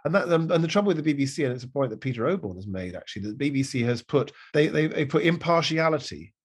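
A man in casual conversation, an animated storyteller who keeps slipping into voices as he tells anecdotes. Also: on the high side, fast talker, husky. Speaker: guest, impressionist.

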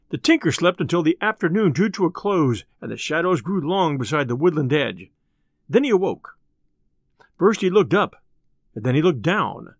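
A male storyteller with a fairly high voice that rises and falls with great liveliness. His reading is expressive and theatrical, recorded close and bone dry. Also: normal speed, no echo. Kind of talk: scripted narration of a classic tale.

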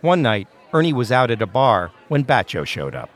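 A man hosting and narrating a true-crime podcast in a measured, scripted storytelling delivery. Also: medium pitch, very animated.

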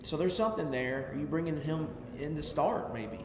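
A man co-hosting a casual sports podcast, breaking things down in a measured, analytical way with dry humor. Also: on the high side, lively intonation, crowd noise. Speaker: podcast co-host. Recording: echoey room, long reverb, background noise.

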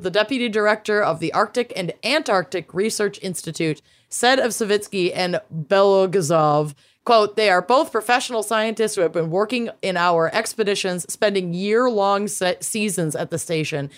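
A woman's voice: medium pitch, normal speed, hardly any pauses. A woman co-hosting a casual podcast, reading news stories aloud and breaking into laughing asides. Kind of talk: casual chat.

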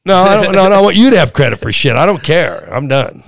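A middle-aged man, a father and podcast guest, telling stories in a lively, laughing way during a casual chat. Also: sits high, quick pace, dry recording, clean studio sound. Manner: animated, laughing storyteller.

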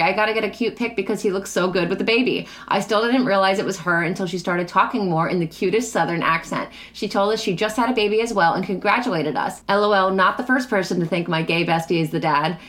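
A woman co-hosting a podcast, reading out listener stories and chatting casually with lots of fillers. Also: medium pitch. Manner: animated reader, filler-heavy chatter. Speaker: podcast co-host.

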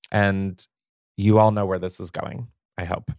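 A man's voice: lowish voice, moderate pace, no room sound, clean studio sound. A man hosting a podcast, reading stories aloud in a profane, gossipy manner, jittery from caffeine and laughing often. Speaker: podcast host.

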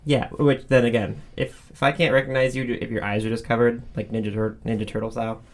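A podcast co-host chatting casually about books, rambling and animated, often going off on tangents. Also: medium pitch, fast.

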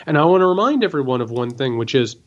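A man's voice: medium pitch, very animated, fast, lo-fi sound. A man co-hosting a political commentary podcast, talking emphatically and sarcastically and hammering his points home by repeating them. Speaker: podcast co-host.

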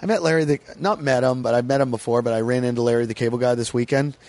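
An American man, a stand-up comic, chats on a podcast and spins loose stories full of swearing. His voice sits at a middle pitch. The sound is dry and close, with no room around it. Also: fast talker, a little mellow, no echo. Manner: storytelling, swearing freely. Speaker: comedian. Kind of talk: casual podcast chat.

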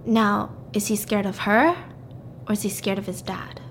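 A woman's voice: mid-range voice, fairly even intonation, moderate pace, a little hiss or hum. A woman casually retelling a story, acting out the characters' lines and saying "like" and "right?" often. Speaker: podcast co-host recapping a story. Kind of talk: casual chat, retelling a plot.

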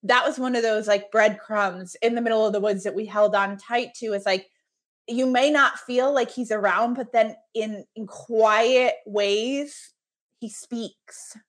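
A woman's voice: fairly high pitch, steady tone, measured pace. A woman author speaking as a podcast guest, talking in an earnest, reflective way with many filler words. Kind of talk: casual conversation.

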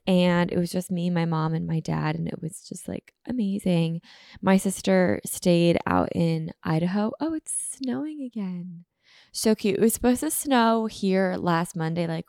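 Woman with a gravelly morning voice, chatty host. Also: on the low side, darkish tone, no room sound, studio quality. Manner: chatty, rambling, full of "like" and "um". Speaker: podcast host. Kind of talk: casual chat podcast. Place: her apartment.

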